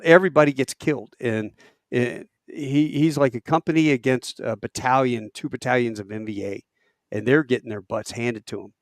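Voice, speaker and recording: A man, a podcast guest, telling war stories in a lively way, acting out quotes with halting restarts. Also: mid-range voice, no echo, clean studio sound. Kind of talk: animated war storytelling.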